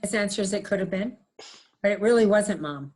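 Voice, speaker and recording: Woman medium, earnest and gentle, mid-pitched, relays messages. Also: brisk. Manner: earnest, gentle, relays words with many "he says". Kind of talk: casual chat, relaying messages.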